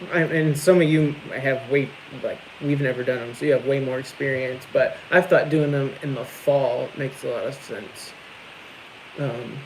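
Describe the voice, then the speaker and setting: A man's voice: medium pitch, a little hiss or hum, low-quality recording. A young man with a Midwestern American accent, co-hosting a farm livestream in casual, rambling chat. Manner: rambling, lots of likes and restarts.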